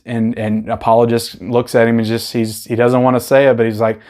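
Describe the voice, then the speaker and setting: A man's voice: medium pitch, level tone, brisk, darkish tone. A man giving a casual, unscripted film ranking review to his viewers, rambling and enthusiastic as he talks off the cuff. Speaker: movie reviewer.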